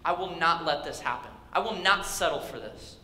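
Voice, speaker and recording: A young male pastor voicing a cocky, eager teenage boy, slangy and excited, in an echoey hall. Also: fairly high pitch, moderate pace. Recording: echoey hall with faint ambience.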